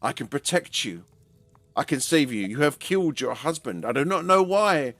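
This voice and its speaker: A man voicing a scheming, greedy old trader in a tabletop game, in a low hushed voice. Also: expressive, normal speed, no echo, soft background music.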